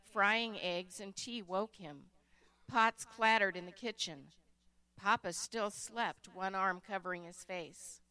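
A woman reading a story aloud as narrator, in a measured, expressive way. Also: medium pitch, smooth.

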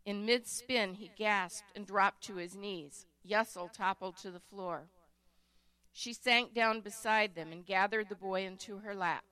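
A woman reading a story aloud as narrator, in a measured, expressive way. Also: mid-range voice, clean tone.

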